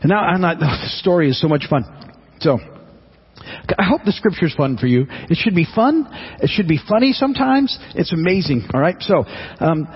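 A man's voice: a little high, lively intonation, normal speed, husky, highs cut off. A man preaching a sermon in an earnest, conversational way, often restarting and repeating his words. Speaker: pastor.

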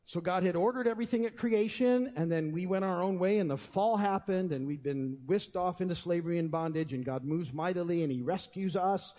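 High-voiced pastor in a church hall. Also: male voice, brisk, few pauses, dark tone. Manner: conversational, folksy, with many fillers and restarts. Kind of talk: sermon. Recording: long reverb of a church hall.

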